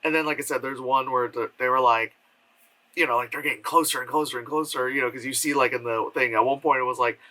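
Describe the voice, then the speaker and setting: A man's voice: mid-range voice, steady tone, fast, sharp tone, poor audio. A man giving a casual spoken film review from home, rambling with lots of fillers and acting out quotes in mocking voices. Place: home room with air purifier hum.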